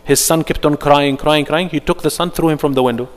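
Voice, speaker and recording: A man teaching an interactive religious workshop, animated and firing rhetorical questions at his audience. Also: on the high side, brisk, in a large hall.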